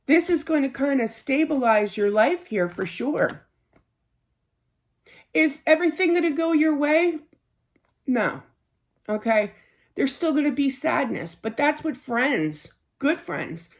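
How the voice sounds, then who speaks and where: A middle-aged woman giving a casual tarot reading in a chatty, earnest way, laughing easily and often saying "you know.". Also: sits high. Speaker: tarot card reader.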